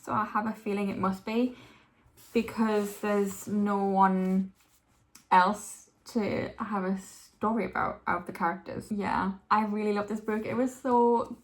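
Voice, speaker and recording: A young woman chatting to camera about books she is reading. She gushes with feeling and says "like" a lot. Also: mid-range voice. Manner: gushing and emotional, often saying "like". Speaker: book vlogger. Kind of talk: casual reading vlog. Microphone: camera mic. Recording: roomy echo.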